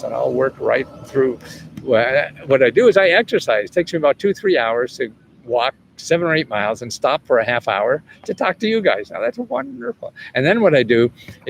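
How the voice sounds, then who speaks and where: A man in his seventies hosts a casual livestream, rambling through viewers' questions about government money while chuckling often and swearing freely. His voice sits in the mid range with vocal fry, and a little hiss or hum runs underneath.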